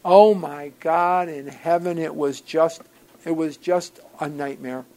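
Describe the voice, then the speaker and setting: A man with a gravelly, slightly high voice tells a personal story to a recovery group. He is animated and wry, jumping from loud outbursts to hushed asides. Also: slow pace, poor audio. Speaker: speaker sharing at a recovery program gathering.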